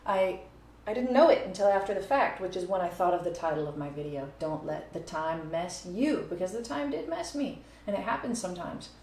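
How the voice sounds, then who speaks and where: A woman with a slightly low voice explains her own playing in a relaxed video lesson. She breaks into counting and scatting to show rhythms. The room around her is echoey, with a faint hiss of noise. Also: fairly quick. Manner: counts beats and scats phrases aloud. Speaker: music teacher.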